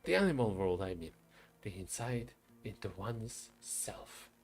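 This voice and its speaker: Man voicing an eccentric toff, airy and rambling, gravelly edges. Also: fairly low pitch, very animated, unhurried. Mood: whimsical. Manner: flighty, whimsical, posh. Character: eccentric rambling gentleman obsessed with animals.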